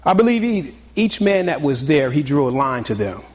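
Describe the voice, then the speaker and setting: A man preaching a sermon in a husky, slightly high voice. He moves between loud, punchy exclamations and quiet, confiding asides. His delivery is lively and conversational. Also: moderate pace, long reverb tail. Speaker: pastor.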